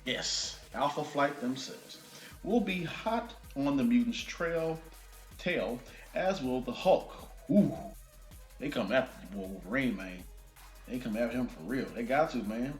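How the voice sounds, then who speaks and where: A man hosting a casual movie news vlog, reading an article aloud and breaking off with excited asides. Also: medium pitch, normal speed, faint music behind. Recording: roomy echo.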